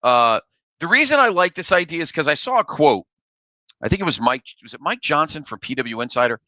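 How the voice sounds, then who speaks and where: A man's voice: fairly high pitch, very animated, a little fast, sharp tone, no room sound. A man co-hosting a podcast in casual chat, hesitant with many fillers and restarts. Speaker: podcast co-host.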